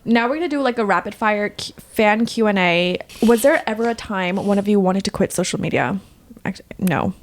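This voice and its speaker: Lively giggly young woman co-hosting. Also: mid-range voice. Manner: giggly, teasing, quick to laugh. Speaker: podcast co-host. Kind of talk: casual chat.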